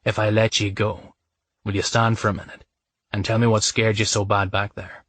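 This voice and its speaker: Brooding guy in a romance story, man reading him, low husky voice, dry close sound. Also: flat delivery, moderate pace, fairly bright tone, no room sound. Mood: low, tender. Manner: low, intimate, sometimes gruff. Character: brooding man, protective and passionate lover.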